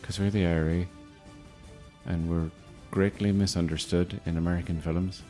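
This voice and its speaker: A man's voice: low voice, level tone, moderate pace, mellow, close to an everyday voice. Man playing a chatty, teasing Northern Irish heavy who rambles, with faint music behind. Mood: sly. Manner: rambling, teasing, mock-formal "Mister Ford".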